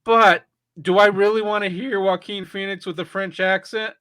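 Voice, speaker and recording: This podcast co-host's voice sits high, bright and pushed yet clear and resonant, with fairly even intonation, normal speed and no echo. He chats loosely about a film, restarting often and cursing now and then.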